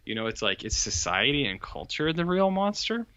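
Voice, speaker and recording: A man co-hosting a podcast, casually retelling a horror film in a rambling, animated way. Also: on the high side, moderate pace, clear, resonant tone, highs cut off. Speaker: podcast co-host reviewing horror films. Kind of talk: casual chat.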